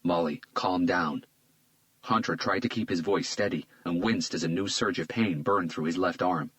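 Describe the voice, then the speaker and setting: A man reads a crime thriller aloud in a very deep, low voice. His delivery is measured and tense, steady through the action. He voices the lead detective in his own register. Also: no echo, low-quality recording. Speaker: audiobook narrator. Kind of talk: scripted thriller narration.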